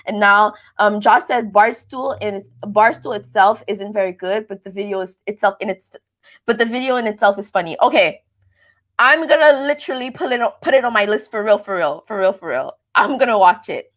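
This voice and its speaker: A woman's voice: medium pitch, fairly quick. Chatty young woman from Quebec. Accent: Quebecois French-Canadian mix. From Quebec, Canada. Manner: chatty, animated, repeats herself often. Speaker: recap show host reading live chat. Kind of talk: casual livestream chat.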